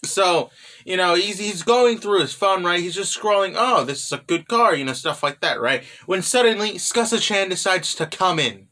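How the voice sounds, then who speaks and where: High, bright-voiced young man recapping. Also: normal speed. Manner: rambling, full of "you know" and "right?". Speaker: manga recap YouTuber. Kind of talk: casual chapter recap.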